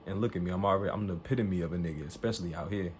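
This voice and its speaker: A man telling a story to the camera in an animated, emphatic way, swearing freely and acting out what people said. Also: low-pitched, racing, slight background noise. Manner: profane, emphatic, acts out quoted dialogue.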